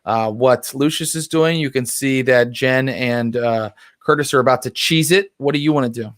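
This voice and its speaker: A man running a tabletop roleplaying game as storyteller, calling for dice rolls and narrating outcomes. His voice sits at an ordinary pitch and the recording is dry and close. He speaks in a relaxed way with plenty of fillers. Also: moderate pace, dry recording. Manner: relaxed, many ums and uhs.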